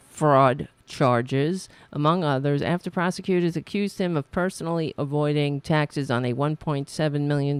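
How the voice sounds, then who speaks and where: A woman's voice: low-pitched, darkish tone, clean tone, no echo. A woman hosting a political podcast, reading news stories aloud and breaking in with scornful, sarcastic asides and frequent self-corrections.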